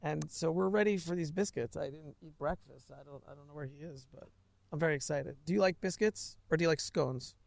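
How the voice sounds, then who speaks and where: A man in his thirties hosting a podcast in casual chat, excitable and quick to laugh. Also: fairly high pitch, gravelly, no echo. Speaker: podcast host.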